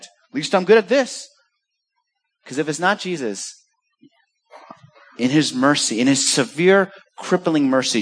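Animated, high-pitched man preaching a sermon. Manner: animated, rhetorical, acts out dialogue. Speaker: pastor.

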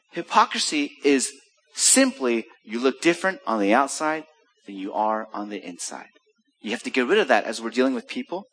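A middle-aged American pastor preaches a sermon, tossing rhetorical questions at his listeners and working in jokes. His medium-pitched voice is a bit bright, carried by a long hall reverb.

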